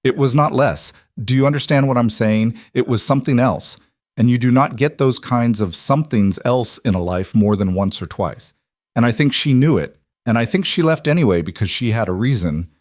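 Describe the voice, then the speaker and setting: A man's voice: medium pitch, animated, normal speed, a little mellow, no echo, studio quality, lightly acted. A man voicing a blunt, commanding older grandmother who insists on her points and repeats them. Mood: forceful.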